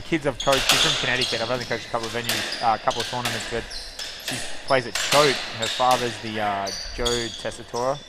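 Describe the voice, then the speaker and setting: A Scottish man calls a squash match live, chatty and excitable, cracking jokes between rallies. His voice sits mid-range for a man. Loud court noise and bouncing balls fill the background. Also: medium pitch, brisk. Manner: chatty, excitable, joking banter. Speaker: squash commentator. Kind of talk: live sports commentary. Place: squash venue.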